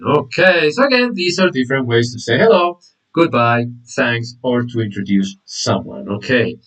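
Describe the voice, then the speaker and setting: Lively male English teacher, far from mic. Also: unhurried. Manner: lively, acts out example phrases with big pitch jumps. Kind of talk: online language lesson.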